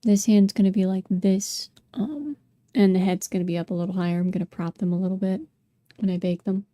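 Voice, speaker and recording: A young woman chats through her sculpting session in a relaxed, rambling way, full of ums and apologies for her hiccups. Her voice is deep-toned and mellow, recorded dry and close at home. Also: a little fast, dry recording. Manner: chatty, apologetic, filler-heavy. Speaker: sculpting vlogger. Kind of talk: casual talk while sculpting.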